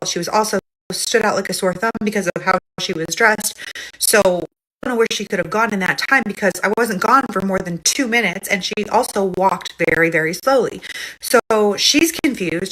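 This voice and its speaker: A woman retells a story in a casual, chatty way. She talks fast, at a middle pitch for a woman. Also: fairly bright tone, rough recording. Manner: casual, chatty, quick delivery. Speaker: host. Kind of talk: storytelling a reader's account.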